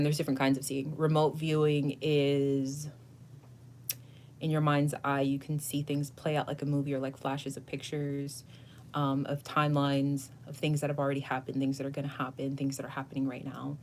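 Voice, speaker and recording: A woman's voice: rumbling low, completely flat delivery, moderate pace, darkish tone, a little hiss or hum. A woman hosting a casual tarot livestream, answering viewers in an effusive, gushing way, laughing often and swearing now and then. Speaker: tarot reader and channel host.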